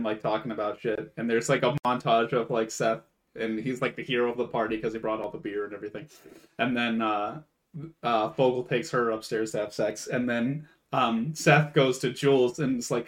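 A man co-hosting a relaxed podcast chat, recapping a film scene by scene. His voice sits in an ordinary middle pitch, and he keeps breaking into loud, animated impressions of the characters. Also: brisk. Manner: animated, acts out quotes in raised voices. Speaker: podcast co-host. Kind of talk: casual chat, retelling a movie.

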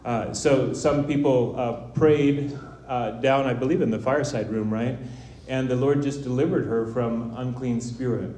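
A man preaching a sermon, telling a personal story in a relaxed way with fillers. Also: mid-range voice, normal speed, reverberant.

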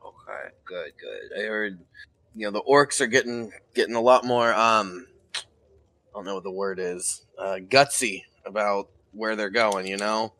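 A man's voice: fairly low pitch, animated, a little slow, pushed and bright. A man playing a tabletop game, speaking easygoing lines in character. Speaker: player. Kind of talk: casual in-character play.

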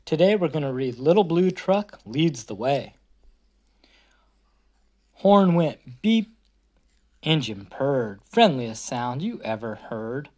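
A young woman reading a picture book aloud at home, animated and sing-song. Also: extremely low pitch, a little slow, hardly any pauses.

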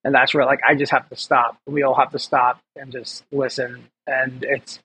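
A man's voice: medium pitch, little pitch movement, moderate pace, bright, forceful tone, breathy edge, low-quality recording. A man, a chef, chatting casually as an interview guest, rambling and swearing, laughing often. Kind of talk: casual chat.

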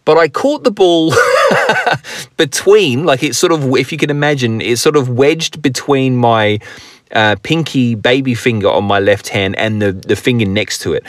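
A man's voice: medium pitch, no echo. A man hosting a podcast on his own from inside his car, telling a story in a rambling, crude, jokey way and laughing often. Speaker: podcast host. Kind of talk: casual solo storytelling.

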